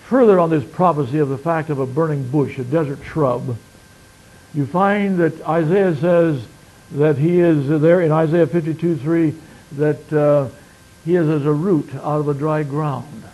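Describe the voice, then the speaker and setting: A man delivers a sermon in a fairly high voice. He swings from loud, emphatic declaiming down to quiet asides, and slows way down to stress each scripture quote. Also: low-quality recording. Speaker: preacher.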